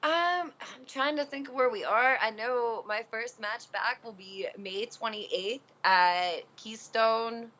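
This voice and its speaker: Woman wrestler on an interview, chatty and animated, lots of um and like, bright sharp voice, dull lo-fi recording. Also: a little high, slow pace, hardly any pauses. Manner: animated, full of fillers like "um" and "like". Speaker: wrestler guest. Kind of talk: casual storytelling interview.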